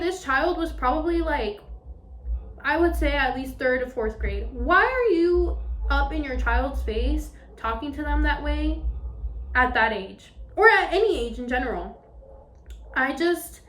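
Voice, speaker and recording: A woman's voice: high voice, moderate pace, slight background noise. Chatty young woman, echoey room. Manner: candid, expressive, swears freely, fillers like "um" and "like". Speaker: podcast host. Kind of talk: casual chatty podcast monologue.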